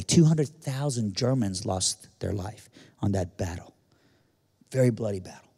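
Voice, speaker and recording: A man's voice: lowish voice, unhurried, dark tone, breathy edge. An American man telling a personal story in an earnest, vivid way, repeating phrases for weight. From United States. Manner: earnest, vivid retelling with repetitions. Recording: long reverb of a large hall.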